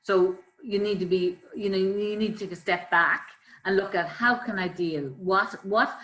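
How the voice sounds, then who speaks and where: A woman, a life coach, calmly explaining ways to manage stress with everyday examples. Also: mid-range voice, moderate pace. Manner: calm, explanatory, gives examples. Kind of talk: conversational coaching talk. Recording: roomy echo.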